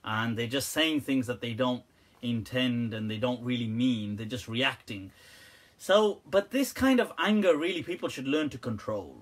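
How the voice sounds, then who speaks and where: A man's voice: mid-range voice, animated, normal speed. A man answering viewer questions on a live stream, teasing, joking and laughing often.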